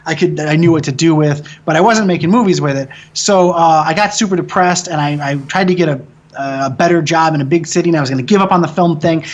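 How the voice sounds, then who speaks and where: A man from the American Midwest, a film director in an interview, telling a long story in a casual, profane, animated way with frequent restarts. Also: on the high side, quick pace, muffled recording.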